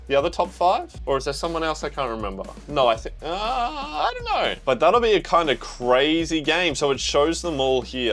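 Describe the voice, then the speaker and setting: Speaking in a medium pitch, a young Australian guy excitedly chats to himself and the viewer while giving loose, slang-filled reactions to a manga.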